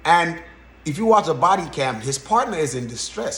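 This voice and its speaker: A man hosting a podcast, giving casual reaction commentary in an animated way and often checking in with "right?". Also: fairly high pitch, normal speed, slight background noise. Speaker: podcast host. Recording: roomy echo.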